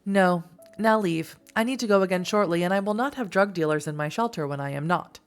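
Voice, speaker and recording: A woman's voice: on the low side, brisk, clear, resonant tone, lightly acted. A woman voicing a stern older woman who runs a shelter, curt and disciplined.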